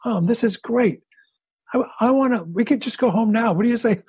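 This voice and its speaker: A man voicing a middle-aged husband who speaks gently and apologetically to his wife. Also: very high voice, brisk, husky, no room sound, muffled recording, voice pushed up, full character voice. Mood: relieved.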